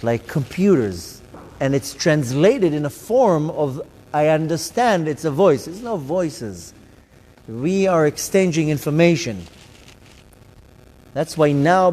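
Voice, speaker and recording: In a synagogue hall with long reverb, a rabbi gives a live talk to his congregation, telling his own story. His voice is a little high and a little mellow, and he acts out his thoughts and other people's voices.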